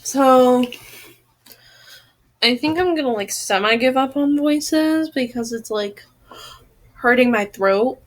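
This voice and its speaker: A woman reading a novel aloud pauses for chatty asides, filling her talk with "like". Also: high voice. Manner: chatty, lots of "like". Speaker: audiobook reader.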